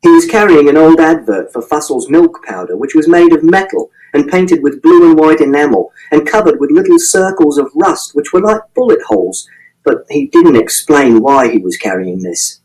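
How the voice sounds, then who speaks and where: Man narrating with a lively, high voice. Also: normal speed, rough recording. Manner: precise, literal, matter-of-fact telling. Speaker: audiobook narrator. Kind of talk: first-person audiobook narration.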